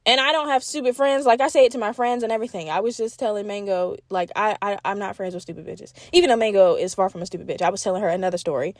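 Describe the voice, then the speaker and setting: A young adult woman hosting a solo podcast, talking in a rambling, blunt, swear-heavy casual rant with bursts of fast, animated talk. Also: mid-range voice, no echo, studio quality. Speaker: podcast host.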